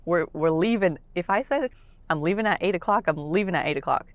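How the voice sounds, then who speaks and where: A young woman vlogging casually to camera from a parked car, bubbly and excitable, often repeating herself. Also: on the low side, a little fast, no room sound. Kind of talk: casual vlog talk to camera. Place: parked car in a public lot.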